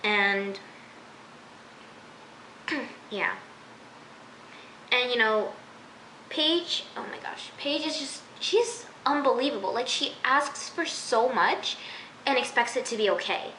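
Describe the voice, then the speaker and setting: A woman's voice: fairly high pitch, animated, slow pace, long pauses, pushed and bright, a little hiss or hum. A woman giving a casual, exasperated vlog review of a TV episode, chatty and full of fillers. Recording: roomy echo.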